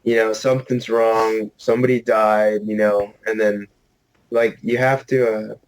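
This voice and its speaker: A man's voice: fairly low pitch, flat delivery, a little slow, rough recording. A man co-hosting a podcast in casual chat, laid-back, often answering with short agreeing replies. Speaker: podcast co-host.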